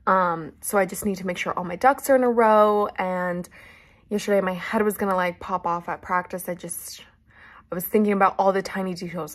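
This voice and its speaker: A young woman narrating her day in a casual vlog, chatty and full of filler words. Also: lowish voice. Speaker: vlogger, dance studio owner.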